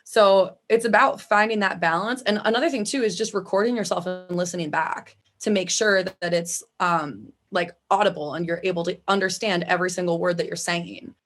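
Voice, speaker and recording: A woman's voice: on the low side, fairly quick, few pauses, a bit bright. Chatty Midwestern woman vocalist. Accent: Midwestern American. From Midwest US, Chicago area. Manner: chatty, frequent "like" fillers, laughs easily. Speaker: vocalist guest. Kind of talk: casual interview chat.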